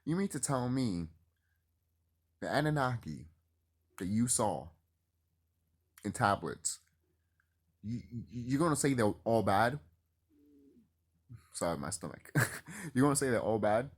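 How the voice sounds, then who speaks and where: A man rambling excitedly and cursing freely in a casual vlog monologue to his viewers. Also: medium pitch, slow, long pauses, slightly rough. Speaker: YouTuber.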